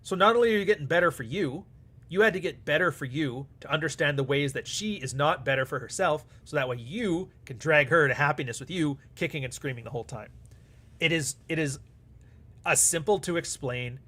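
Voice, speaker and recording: Answering super chats on his live stream, a man talks in a blunt, casual way, swears a lot, and plays out both sides of imagined exchanges. His voice sits on the higher side, with a fairly bright tone and a slightly fast pace.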